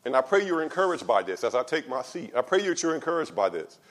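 A male pastor preaching a sermon, calling out to the congregation, building to loud, drawn-out passion and then dropping low and quiet. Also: big pitch swings. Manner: calls out to the congregation.

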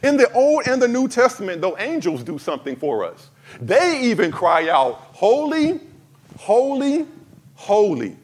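A man preaching a sermon to his congregation, swinging from fervent cries to soft, emphatic lines and addressing the church directly. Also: high voice, very animated, normal speed, breathy edge. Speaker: pastor.

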